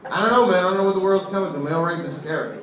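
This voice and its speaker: A man performing a stand-up comedy set, telling stories in an animated, profane way. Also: sits high, very fast, a little hiss or hum. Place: comedy club stage. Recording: echoey club, distant mic, loud crowd.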